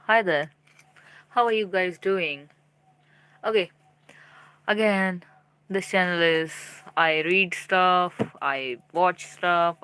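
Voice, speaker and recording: Young female streamer from India, chatty with viewers, slow and low. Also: pushed and bright, clear, resonant tone. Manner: chatty, talks straight to viewers. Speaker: live streamer. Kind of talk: casual live-stream chat.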